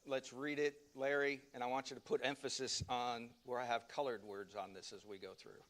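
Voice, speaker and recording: A man's voice: medium pitch, steady tone, moderate pace, fairly bright tone. A man teaching a Sunday Bible class at church in a loose, conversational way, with fillers and restarts.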